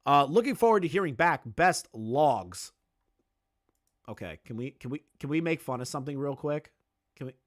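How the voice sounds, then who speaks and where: A man's voice: on the high side, big pitch swings, normal speed. A man doing casual reaction commentary, sarcastic and mocking, swearing often and restarting with fillers. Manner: filler-heavy, repeats words when restarting. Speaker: commentary YouTuber.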